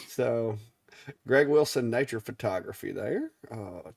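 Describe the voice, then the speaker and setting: A man's voice: mid-range voice, moderate pace, gravelly, darkish tone, slightly rough, dry recording, clean studio sound. A middle-aged man with a Southern Alabama accent, co-hosting a live stream in an easygoing drawl and stumbling over names. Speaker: live show co-host. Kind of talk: casual live-stream chat.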